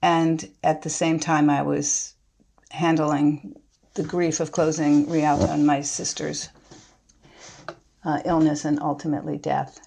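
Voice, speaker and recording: A middle-aged woman speaking thoughtfully as an interview guest, halting and restarting as she reflects. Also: low-pitched, flat delivery, gravelly, mellow, a little hiss or hum.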